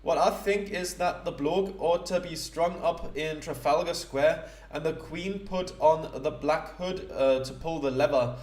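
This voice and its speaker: A man putting on a gruff Scottish female rogue. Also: deep voice, a little slow, few pauses, a little mellow. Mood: blunt. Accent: Scottish, parodied. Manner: gruff, slangy, boastful. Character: rough female Scottish jewel thief, cocky rogue. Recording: roomy echo.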